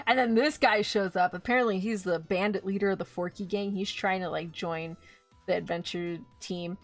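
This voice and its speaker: A woman streaming live, casually recapping an anime, animated and swearing freely as she acts out quick quotes. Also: medium pitch, soft background music. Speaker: VTuber streamer.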